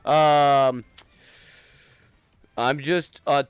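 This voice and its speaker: A man's voice: fairly high pitch, level tone, very slow, smooth, no echo. A young man streaming a game, chatting loosely with friends and chat in profane, rambling banter. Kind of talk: casual gaming stream chat.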